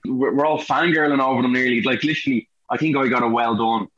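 Speaking quickly in a mid-range voice, an Irish actor being interviewed tells lively stories in a casual chat and performs the quoted lines himself. The lo-fi, roomy recording has a crowd in the background.

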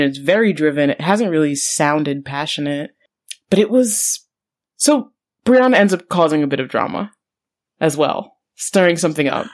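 A woman's voice: deep voice, expressive, moderate pace. A woman co-hosting a podcast, giving wry, exasperated commentary in casual chat. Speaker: podcast co-host.

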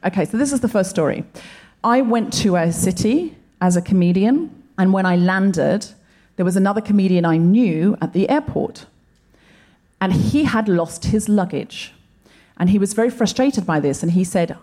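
A woman's voice: mid-range voice, expressive, moderate pace, dark tone. A woman co-host giving an earnest, reflective monologue on a live comedy podcast stage. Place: live theatre stage with an audience.

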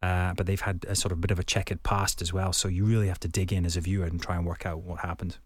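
A Scottish man with a lowish voice chats as an interview guest. He rambles a little, with plenty of fillers and restarts. His voice is recorded dry and close in a studio. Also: flat delivery, fast talker, no room sound. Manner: chatty, with many fillers and restarts. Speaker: actor guest.

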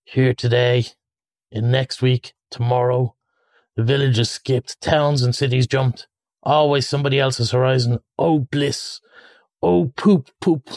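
Man playing a starry-eyed storybook toad, slow dreamy monotone, kinda murmured. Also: mid-range voice, dry recording, close to an everyday voice. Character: dazed, dreamy male toad, enraptured by motor cars.

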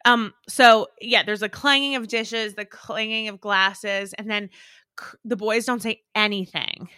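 Young female podcast co-host, lively storyteller, crisp close sound. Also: medium pitch, a little slow, no echo. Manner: animated storyteller, acts out quotes, laughs often. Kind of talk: casual chat recapping a show.

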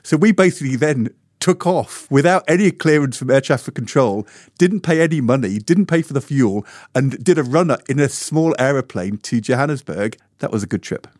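A middle-aged man co-hosting a podcast, telling a lively anecdote in casual chat. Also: mid-range voice, a little fast, no echo, studio quality. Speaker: podcast co-host.

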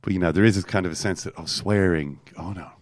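A man hosting a podcast, telling a football story with animated, storytelling energy and reading quotes aloud. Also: deep voice, fast talker, no echo, clean studio sound. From Ireland. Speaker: podcast host. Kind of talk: casual football chat.

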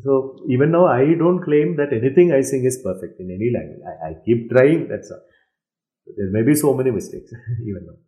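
A Malayali man from Kerala talks through interview answers in accented English, pausing on fillers and laughing now and then. His voice is mellow and soft-edged, and the room around him sounds echoey. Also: mid-range voice, animated. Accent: Malayali Indian English. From Kerala, India. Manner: reflective, laughs often, many fillers and restarts. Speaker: interviewee, singer.

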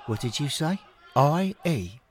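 A man voicing an elderly male football-fan ghost who talks high and excitedly, with folksy phrases. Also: takes it slowly. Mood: delighted. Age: older.

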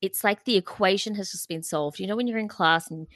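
A woman's voice: medium pitch, fairly quick, a bit bright, dry recording. A woman co-hosting a music podcast, chatting in a bubbly, filler-heavy way. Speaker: podcast co-host. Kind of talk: casual music podcast chat.

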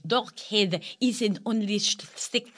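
Lady doing a sweet french exchange girl, french accent, broken halting english, playful. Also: medium pitch, a bit bright. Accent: French (put on). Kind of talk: interview anecdote.

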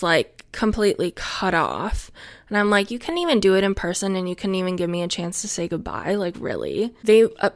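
A woman's voice: mid-range voice, dry recording. Venting young woman, dry close sound. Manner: swears freely, venting, lots of "like" fillers. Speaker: podcast host. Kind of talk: casual storytelling monologue.

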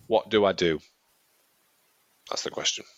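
A man co-hosting a casual podcast, rambling through his stories and laughing often. His voice sits fairly low. The recording is dry and a little dull. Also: unhurried, fairly bright tone, no echo. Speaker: podcast co-host. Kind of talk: casual chat.

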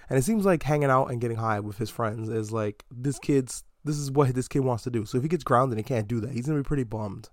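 A man hosting a podcast, chatting casually about a movie in an animated, swearing way. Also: medium pitch, fairly quick, few pauses, dry recording, studio quality. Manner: animated, profane, slips into mock slang quotes. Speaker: podcast host. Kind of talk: casual movie review monologue.

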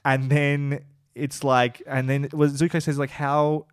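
A man's voice: mid-range voice, level tone, measured pace, dry recording. An enthusiastic man talks through favourite scenes on a podcast, rambling and swearing casually. His mid-range voice sits close to the mic in a dry, dead room. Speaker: podcast co-host. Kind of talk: casual chat.

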